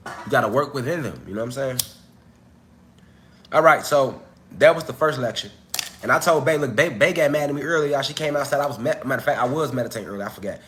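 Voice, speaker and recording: A man's voice: medium pitch, a bit bright, a little hiss or hum. A man hosting a casual livestream at home, talking straight to his viewers in loose slang, with a cough as he gets over an illness. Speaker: livestream host.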